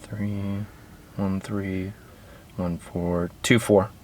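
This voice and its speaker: A man's voice: sits low, drawn-out words, a little hiss or hum. A man co-hosting a podcast, chatting casually about football picks and reading out the matchups. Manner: relaxed, reads out matchups and makes picks. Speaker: podcast co-host. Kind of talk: casual sports chat.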